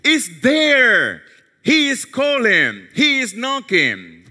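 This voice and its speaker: Pastor guy preaching, tells stories, goes soft on the prayers, big echoey hall. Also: very high voice, wildly swooping pitch, takes it slowly. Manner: storytelling, drops to soft tones for quoted prayers. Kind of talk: sermon. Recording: long hall reverb.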